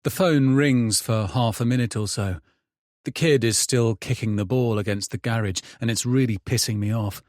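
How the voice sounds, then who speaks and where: A man's voice: mid-range voice, normal speed, a little mellow, no echo. A man narrating a first-person thriller audiobook in a weary, bitter tone, recorded on a close studio mic.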